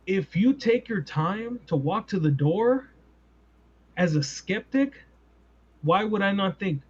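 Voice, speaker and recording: A man hosting a podcast in casual chat, animated and full of rhetorical questions. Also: sits high, slow, long pauses, husky. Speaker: podcast host. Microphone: podcast mic. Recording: dull lo-fi sound.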